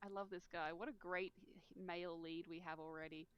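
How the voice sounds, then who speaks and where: A woman's voice: on the low side, fairly even intonation, a little fast, clean tone, dull audio. A woman reading a novel aloud with sarcastic commentary, putting on mock accents for the dialogue and laughing often. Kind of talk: casual reading with comic commentary.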